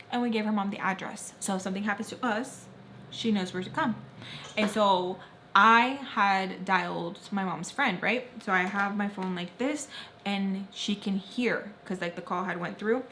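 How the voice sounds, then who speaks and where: A young woman vlogger telling an animated story while doing her makeup, acting out the voices of the people in it. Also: medium pitch, moderate pace. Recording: faint background noise.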